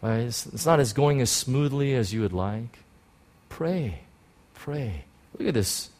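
A man delivers a sermon as a personal testimony, his voice middle-pitched. He tells the story with animated excitement, often restarting his sentences as he goes. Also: moderate pace. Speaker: preacher.

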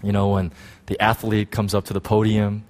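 A middle-aged man preaching a sermon, swinging between shouted lines and hushed asides, full of restarts and "you know.". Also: on the low side, completely flat delivery, normal speed. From United States. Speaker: pastor.

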